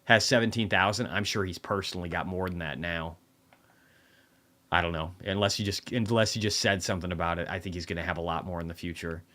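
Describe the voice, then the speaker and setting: A man's voice: deep voice, fairly even intonation, quick pace, bright, forceful tone. A tired man casually rambling through a market recap livestream, swearing often. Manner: profane, rambling, offhand.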